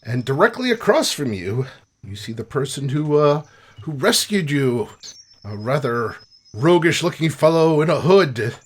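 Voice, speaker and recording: Gm guy narrating the game, kinda husky, higher voice, playful. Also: very animated, measured pace. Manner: playful, descriptive, laughs easily. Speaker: game master.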